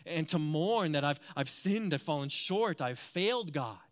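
A man preaching a sermon, animated, acting out quoted voices as he explains a passage. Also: on the high side, a little slow. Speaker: pastor.

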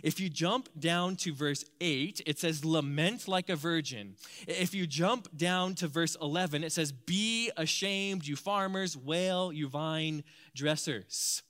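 A man preaching a sermon, animated, acting out quoted voices as he explains a passage. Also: fairly high pitch, unhurried. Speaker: pastor.

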